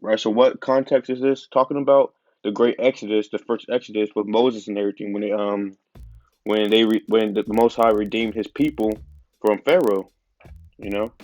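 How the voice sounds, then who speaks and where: A man's voice: on the low side, steady tone, moderate pace, darkish tone, no room sound, faint music behind. A man with a stuffy nose giving an informal religious teaching, talking casually with lots of fillers. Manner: casual, conversational preaching with many fillers. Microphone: phone.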